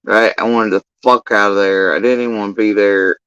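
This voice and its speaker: A man's voice: lowish voice, fairly even intonation, a little fast, fairly bright tone, clean tone, dry recording, dull audio. A man telling a long story in a casual commentary rant, profane, rambling and exasperated.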